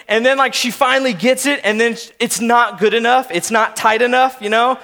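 A man's voice: very high voice, fairly even intonation, normal speed, sharp tone. A man in his thirties preaching a sermon, telling family stories in a casual, conversational way and speaking straight to his listeners. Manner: storytelling, conversational, speaks to the audience. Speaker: pastor.

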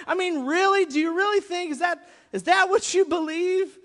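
A man preaching a sermon as pastor, animated and acting out mock prayers for his audience. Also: extremely high pitch, fast talker, hardly any pauses. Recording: long hall reverb.

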